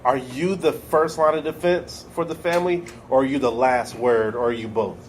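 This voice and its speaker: A man's voice: mid-range voice, steady tone, moderate pace. Casual man asking questions. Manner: loose, hesitant questioning. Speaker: podcast host asking questions. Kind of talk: casual interview chat. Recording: faint background noise.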